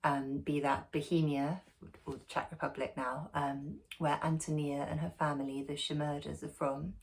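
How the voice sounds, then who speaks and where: Woman book club host, lowish voice, casual chat to camera at home, lots of ums and asides. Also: flat delivery, moderate pace. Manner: chatty, warm asides, many ums and restarts. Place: at home, sitting in a dog's bed.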